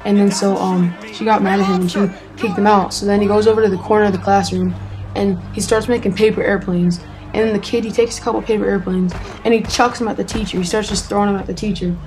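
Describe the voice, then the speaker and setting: A woman's voice: medium pitch, fairly even intonation, quick pace, a little mellow, poor audio. A woman telling a casual story in a chatty way, full of fillers.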